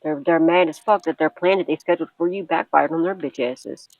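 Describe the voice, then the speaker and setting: A woman's voice: sits low, fairly quick, darkish tone, dull audio, a little hiss or hum. Blunt, swearing woman tarot reader. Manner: blunt and profane, with frequent laughs and repeated reassurances. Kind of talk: tarot reading monologue to viewers.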